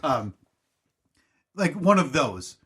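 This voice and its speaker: A man's voice: a little high, big pitch swings, slow, a bit bright, husky. A man in his thirties co-hosting a podcast, telling a long story in a casual, rambling, self-mocking way. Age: 30s. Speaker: podcast co-host.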